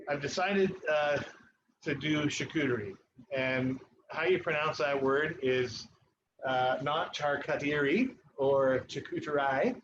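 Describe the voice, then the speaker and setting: Male chef, mid-pitched, easygoing teaching tone with many pauses; dull stream audio, audible background noise. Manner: relaxed, instructive, with frequent pauses. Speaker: chef and cooking instructor. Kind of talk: live cooking demonstration. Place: kitchen at a ski club.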